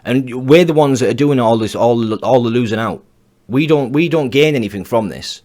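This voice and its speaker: A man talks over clips in a blunt, heated reaction rant at an ordinary middle pitch. He swears freely and circles back over the same points, his voice rising as he gets angrier. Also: moderate pace, darkish tone. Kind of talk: ranting reaction commentary.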